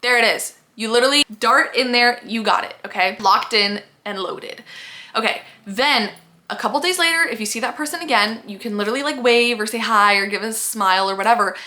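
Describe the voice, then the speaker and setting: Bright, chatty young woman vlogger. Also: a little high, a little fast. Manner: chatty and upbeat, many "like" fillers. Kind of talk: casual advice vlog.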